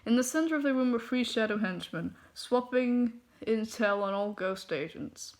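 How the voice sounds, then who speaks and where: A woman's voice: fairly high pitch, animated, moderate pace. A woman reading fanfiction aloud, flustered, stumbling over words and laughing through her asides. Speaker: fanfiction reader.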